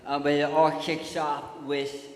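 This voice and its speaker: A man's voice: a little high, monotone, unhurried, slight background noise. A man with a lisp giving a joking, storytelling talk on a church stage. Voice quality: lisp from tongue surgery. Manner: joking, storytelling, addresses kids. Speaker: touring speaker and singer. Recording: echoey hall with live music.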